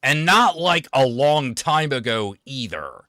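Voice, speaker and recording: A man's voice: mid-range voice, sing-song, slow pace, sharp tone, no room sound, clean studio sound. A man hosting his own stream, ranting in a sarcastic, profane way about politics. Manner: swearing, sarcastic, fired-up. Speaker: streamer host.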